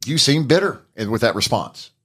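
A middle-aged man hosting a casual podcast chat, animated and jokey, his voice climbing into mock outrage. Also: medium pitch, normal speed, breathy edge. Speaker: podcast host.

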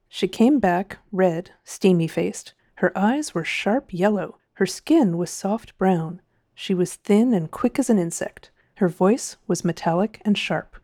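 Mellow-voiced woman narrating a story. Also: mid-range voice, unhurried, no room sound, clean studio sound. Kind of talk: scripted narration.

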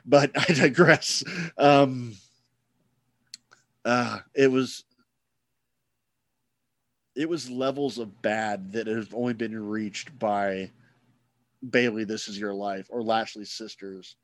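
A man's voice: fairly low pitch, fairly even intonation, slow pace, pauses often, dry recording. A man hosting a casual podcast chat, rambling and sarcastic, swearing freely.

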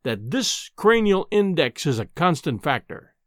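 A man reading an audiobook, voicing a domineering, insolent bearded professor with a rumbling, scornful voice. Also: very animated, measured pace, fairly bright tone, no room sound, studio quality. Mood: menacing calm.

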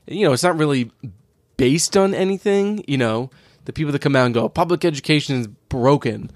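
A man's voice: on the high side, lively intonation, a little fast, no room sound. A man co-hosting a podcast, talking conversationally with many "you know"s. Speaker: podcast co-host. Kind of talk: casual chat.

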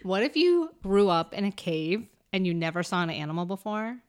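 A woman co-hosting a casual podcast, trading jokes with her friend. Her voice moves up and down a lot as she talks, and she is quick to laugh. Her pitch sits mid-range. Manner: expressive, jokey, laughs often. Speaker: podcast co-host. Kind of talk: casual chat.

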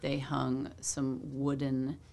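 Low, gravelly woman guest. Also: monotone, slow pace, a little mellow. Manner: chatty, laughs easily. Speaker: event venue staff guest. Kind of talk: casual podcast interview.

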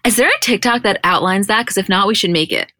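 Bright, dry-voiced giggly woman podcaster. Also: medium pitch, quick pace, dry recording. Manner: giggly, animated retelling with quoted voices. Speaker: podcast co-host. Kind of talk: casual podcast chat recapping episodes.

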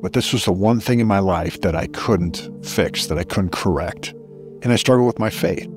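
A man's voice: low-pitched, normal speed, music in the background. A middle-aged man as a podcast guest, earnestly telling a personal story with reflective emphasis.

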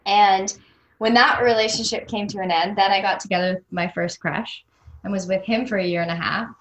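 A woman's voice: medium pitch, steady tone, brisk, a bit bright. A Canadian woman in her thirties chats through personal stories as an interview guest. She talks animatedly, slips into voices when she quotes people, and laughs often. Her mid-range voice carries a roomy echo. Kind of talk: casual storytelling.

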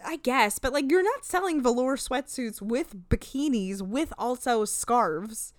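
A woman's voice: a little high, expressive, a little slow. A woman co-hosting a podcast, chatting casually about a reality show and sarcastically acting out the cast's lines. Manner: chatty, sarcastic, acts out quotes in funny voices. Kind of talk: casual chat.

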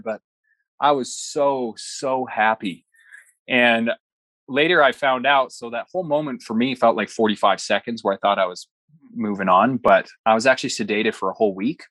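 A man's voice: lowish voice, a bit bright, no room sound. A young man as a podcast guest, telling a personal story earnestly, with flashes of light humor. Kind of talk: personal story told in an interview.

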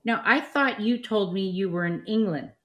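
A woman's voice: medium pitch, normal speed, fairly bright tone, highs cut off. A woman hosting a live online show, talking with gushing enthusiasm about her guests. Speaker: host.

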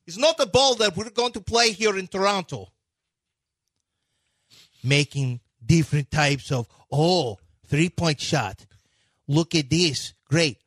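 A man impersonating an excitable Eastern European basketball coach, with a put-on Russian-style accent and broken English. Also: fairly high pitch, takes it slowly, exaggerated voice. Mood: excited. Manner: broken English, loud and ranting.

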